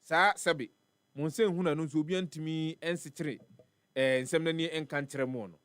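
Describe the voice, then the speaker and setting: Clear and resonant, a fairly high, fairly bright male voice with a Ghanaian accent hosts a live morning radio show at normal speed on a dry recording. He reads weather and traffic, chats and repeats words for emphasis, a faint music bed underneath.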